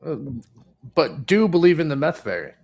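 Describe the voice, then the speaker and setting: A man's voice: a little high, very animated, normal speed. A man co-hosting a podcast, blunt and cracking crude jokes in casual banter. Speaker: podcast co-host.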